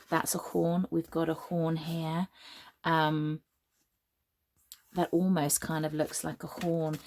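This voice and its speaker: A woman from the UK giving a spoken tarot reading, with a slightly croaky voice and a soft, halting manner full of ums and restarts. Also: sits low. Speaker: tarot reader.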